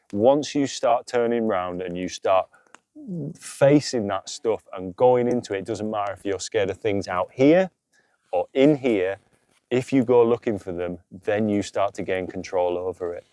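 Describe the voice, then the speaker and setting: A podcast co-host with a lowish, darkish voice chats casually about spirituality outdoors by a campfire, speaking earnestly about emotional healing at a moderate pace. He swears freely and keeps adding "you know," and the recording has no echo.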